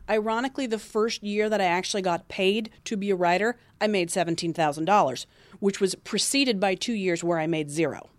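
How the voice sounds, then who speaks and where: A woman's voice: medium pitch, fairly quick, no echo. A woman author telling self-deprecating anecdotes in an interview, chatty, with frequent restarts. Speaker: author guest. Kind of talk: interview storytelling.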